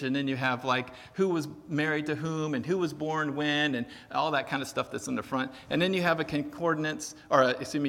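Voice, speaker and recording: A man's voice: fairly high pitch, sharp tone, big-room sound. A man preaching a sermon in a casual storytelling way, with self-deprecating humor. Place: church sanctuary.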